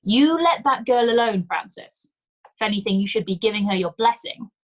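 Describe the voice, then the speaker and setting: A woman voicing a blunt, mocking old village woman who speaks loudly, briskly and with scorn. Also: medium pitch, sing-song, slightly rough. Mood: scolding.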